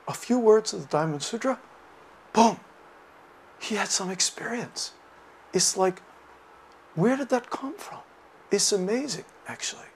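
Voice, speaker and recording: Man, Buddhist teacher, lecture, hesitant with fillers, animated storytelling, fairly high voice, gravelly. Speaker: dharma teacher.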